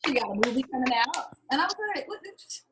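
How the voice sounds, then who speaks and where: A woman with a high, very animated voice talks fast while teaching an acting class, telling her students blunt, profane stories and acting out the people she quotes. Background noise can be heard.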